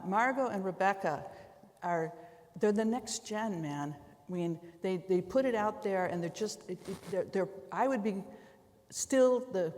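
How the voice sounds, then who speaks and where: A woman law professor speaking on a conference panel, a lively storyteller with quick folksy asides. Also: medium pitch. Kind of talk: panel discussion on stage. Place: large conference hall. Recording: long hall reverb.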